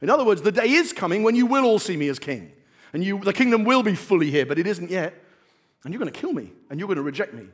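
A man preaching a sermon in a church, animated, swinging from hushed asides to emphatic points. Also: high voice, fast talker. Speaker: pastor.

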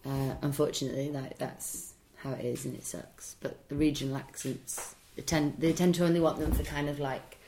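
Low-voiced young woman, Bolton accent. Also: steady tone, moderate pace, few pauses, warm tone, a little hiss or hum, poor audio. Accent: Bolton, northern English. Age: young adult. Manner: chatty, frequent "like" fillers, dry jokes. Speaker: guest, voice actor. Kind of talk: casual podcast chat.

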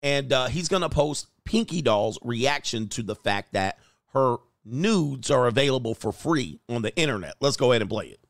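A man's voice: medium pitch, expressive, normal speed, vocal fry, dry recording. Brief: male commentary host, crude and blunt, dry close mic. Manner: blunt and crude, riffs off clips. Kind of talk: casual reaction commentary.

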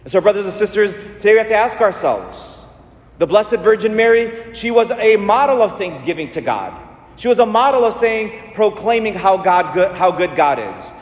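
A high-voiced man preaches a Catholic sermon with earnest repetition. His words ring out in a roomy church with a long reverb tail. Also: expressive, moderate pace. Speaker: Catholic priest.

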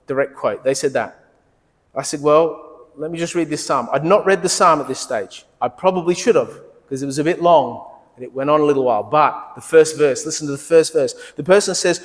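Male pastor, middle-aged, fairly high voice, chatty storytelling sermon, ringing hall. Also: a little fast. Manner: conversational, animated storytelling with quoted dialogue. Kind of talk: sermon with personal stories.

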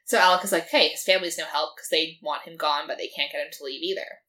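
Bright-voiced chatty young woman recapping. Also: deep voice, fairly even intonation, fast talker. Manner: chatty, filler-heavy, quotes characters in her own voice. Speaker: podcast co-host. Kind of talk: casual chat recapping a TV episode.

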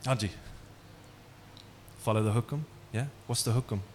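A man's voice: fairly low pitch, fairly even intonation, moderate pace, a little mellow, a little hiss or hum. A man giving an interactive talk, asking the audience questions and telling stories. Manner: engaging, asks the audience questions. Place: hall with an audience.

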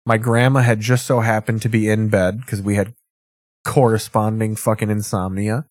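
A man's voice: fairly low pitch, little pitch movement, moderate pace, darkish tone, no room sound. Wry, foul-mouthed man riffing on TV. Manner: rambling, swears freely, wry asides. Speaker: streamer reacting to TV clips. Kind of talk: casual profane commentary.

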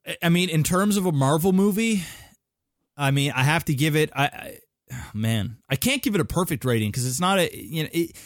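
A man's voice: a little high, expressive, no room sound, clean studio sound. A man co-hosting a gaming podcast, talking casually and rambling with many fillers and restarts. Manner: rambling, halting, swears casually. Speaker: podcast co-host. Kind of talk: casual chat.

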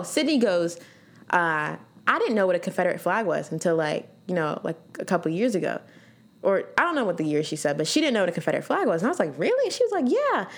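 A woman co-hosting a casual podcast, full of fillers and easy laughter. Her pitch moves in a lively way as she chats. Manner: animated, laughing, lots of fillers. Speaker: podcast co-host.

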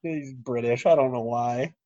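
Man, medium pitch, casual joking chat, swears, muffled lo-fi recording. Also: normal speed, dark tone. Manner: joking, profane, laughs through stories. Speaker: podcast co-host. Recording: dull lo-fi audio.

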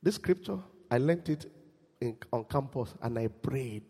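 A man preaching a sermon in church, animated and quizzing his congregation. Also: mid-range voice, measured pace, breathy edge, long reverb tail. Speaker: pastor.

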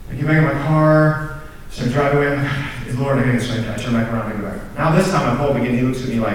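In a large room full of students, recorded from a distance with heavy echo and a little hiss or hum, a young man preaches a sermon. His mid-range voice races as he tells a story. He's earnest, pokes fun at himself, laughs at his own stories, and restarts words as he gets excited.

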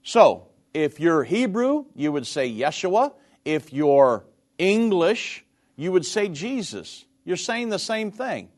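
A man hosting a call-in radio show, explaining points slowly and repeating them. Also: high-pitched, sing-song, darkish tone.

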